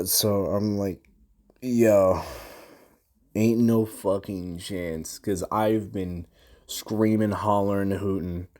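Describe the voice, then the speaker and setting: A young man with a lowish voice tells a rambling gaming story in slow, drawn-out speech. He is casual and slangy and swears constantly. It sounds like a relaxed storytime recorded in his own room. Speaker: gamer recapping a session.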